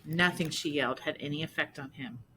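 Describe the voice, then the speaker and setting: A woman reading a picture book aloud slowly, adding explaining asides to listeners. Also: low-pitched, sharp tone, a little hiss or hum, poor audio. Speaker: storybook reader.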